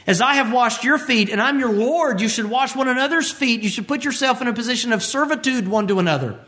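A male preacher voicing a patient male teacher who explains calmly, within a sermon. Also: very high-pitched, quick pace, pitched above the performer's own voice. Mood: instructive.

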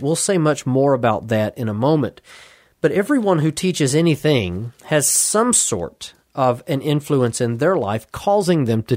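A man's voice: medium pitch, a little mellow, no echo. Earnest male preacher, dry sound. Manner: earnest, measured, emphatic repetition. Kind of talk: expository sermon.

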